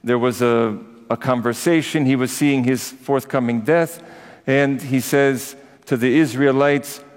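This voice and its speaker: A man's voice: medium pitch, steady tone, a little slow. A priest giving a conversational sermon to his congregation, with personal asides. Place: church. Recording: echoey church with long reverb.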